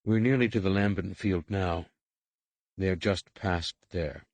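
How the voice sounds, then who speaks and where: A man voicing a stern female alien overseer in an audiobook, speaking in clipped, measured commands. His tone is low and dry. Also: darkish tone, dry recording. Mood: stern, instructing. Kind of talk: audiobook character reading.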